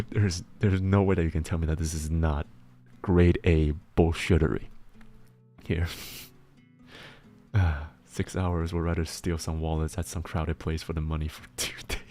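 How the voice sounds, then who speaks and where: Casual chatting streamer, very deep male voice, rambly and laughing, faint music behind. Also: steady tone, a little slow, dark tone. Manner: rambling, laughs often, restarts words. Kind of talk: casual chat while working.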